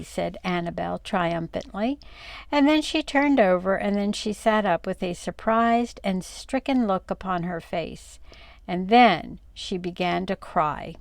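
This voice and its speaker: Older grandmother reader, gravelly voice, dry close sound, expressive storybook delivery. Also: a little slow, no room sound. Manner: expressive, dropping low and soft on narration tags. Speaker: grandmother reading aloud. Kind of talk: storybook read-aloud.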